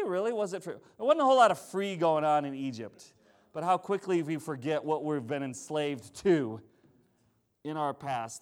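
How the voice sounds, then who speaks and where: A middle-aged male pastor preaching a sermon in a conversational, joking, animated way. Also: fairly high pitch, normal speed.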